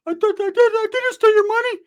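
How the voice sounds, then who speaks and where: A man voicing a timid young boy in a high, pleading voice while telling a story. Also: steady tone, brisk. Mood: panicky. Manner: squeaky, pleading.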